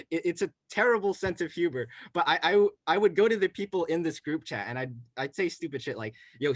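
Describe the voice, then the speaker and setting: A man's voice: on the high side, fairly bright tone, no echo. A young man from New York City telling a rambling campus story in casual chat, with many restarts and "right?" tags. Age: young adult. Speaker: college student telling a story.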